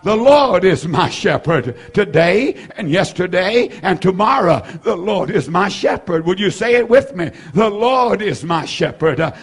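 A man in his seventies preaching a fervent sermon, repeating phrases, rising to shouts and filling gaps with "uh". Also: high voice, expressive, unhurried, few pauses, slightly rough. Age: 70s. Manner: fervent, repetitive preaching with frequent "uh" fillers and shouted peaks. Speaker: pastor.

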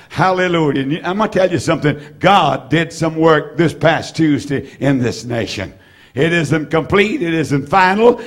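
A man preaching a fiery sermon, emphatic and repetitive, often breaking in with praise interjections. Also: sits high.

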